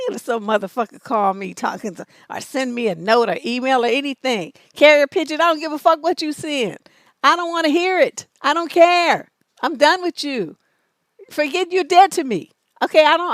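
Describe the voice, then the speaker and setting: A high-pitched woman relationship coach hosts a live-stream advice show, reading out viewer letters. She answers in a blunt, profane, scolding way. Her voice is recorded close and dry, with no room sound. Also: normal speed, a bit bright, dry recording. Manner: mocks letters in an exaggerated high voice.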